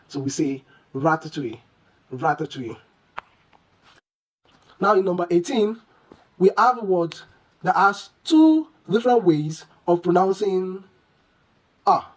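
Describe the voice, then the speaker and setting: A mid-pitched voice in a pronunciation lesson. It says each word over and over, slowly and with care. It keeps quizzing the listener on how to say things. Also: a little mellow, poor audio. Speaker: English pronunciation teacher.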